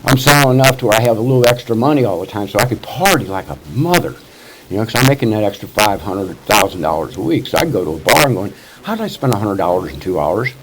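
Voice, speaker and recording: A man in his sixties from Missouri, with a lowish voice, lively intonation and a quick pace, tells his life story at a recovery meeting. The casual testimony is rambling, profane and packed with "you know" fillers, and the audio is poor with loud background noise.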